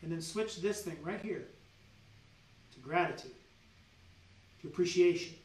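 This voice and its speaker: A man, a doctor, giving an energetic seminar-style health training, preachy and animated, firing teasing rhetorical questions at his audience. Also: fairly high pitch, a little slow. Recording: roomy sound with the mic at a distance.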